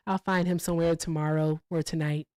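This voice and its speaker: A woman hosting a casual livestream, telling stories in a profane, animated way with sudden jumps in pitch. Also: a little fast, clear, resonant tone, no room sound, poor audio. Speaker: livestream host.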